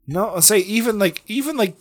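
A man's voice: high voice, no room sound, clean studio sound. A man chatting casually, joking and rambling with lots of fillers and restarts as he talks about his work with glass. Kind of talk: casual chat.

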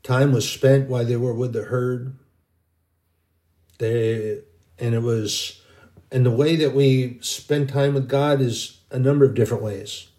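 A man's voice: mid-range voice, fairly even intonation, unhurried, dark tone. A middle-aged man giving an informal, rambling sermon, earnest and full of restarts. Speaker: Christian video preacher.

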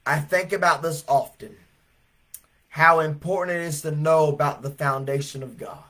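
Brief: male evangelist, high voice, revival sermon, animated, builds to shouts. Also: moderate pace. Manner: animated storytelling, swelling to shouts.

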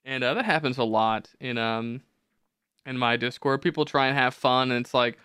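A young man hosting a casual podcast, animated and profane, acting out mocking quotes of others. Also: medium pitch, normal speed, clean tone, no echo, clean studio sound. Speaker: podcast host. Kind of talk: casual chat.

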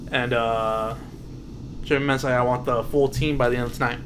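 A man's voice: medium pitch, fairly even intonation, fairly quick, noisy background. Laid-back man recapping wrestling. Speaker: podcast co-host. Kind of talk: casual wrestling recap chat.

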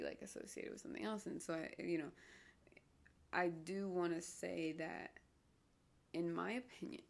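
A woman's voice: on the low side, gravelly, a little mellow. A young woman hosting her own solo podcast, rambling off topic, mocking herself and often dropping into whispers. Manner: digressive, self-mocking, drops into whispers. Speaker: podcast host.

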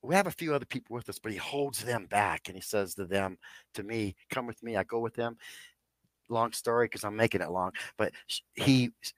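A man's voice: fairly low pitch, brisk, no room sound. A man in his sixties, a podcast guest, telling a personal story in a rambling way and calling his listeners "guys". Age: 60s.

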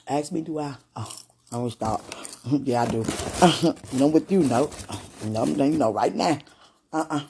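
A woman's voice: extremely low pitch, moderate pace, gravelly, pauses often, slight background noise. A woman talking casually to a loved one and to God, prayerful at times and given to fits of laughter. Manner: prayerful, swings from hushed musing to giggling excitement; laughs often, talks in fits and starts.

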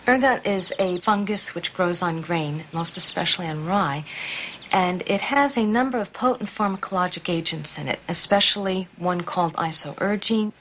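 Low-voiced woman explaining facts. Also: moderate pace, fairly bright tone, slight background noise. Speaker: interviewee in documentary clip. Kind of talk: explanatory interview.

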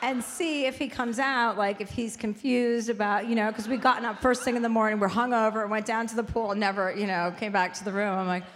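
A woman's voice: on the high side, a little fast, few pauses, slight background noise. A woman in her forties hosting a live show, telling a crude story with lots of laughter and swearing. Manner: animated, swears, laughs through her stories. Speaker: podcast host. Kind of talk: live comedic storytelling chat. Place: live stage before an audience. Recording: long hall reverb, faint ambience.

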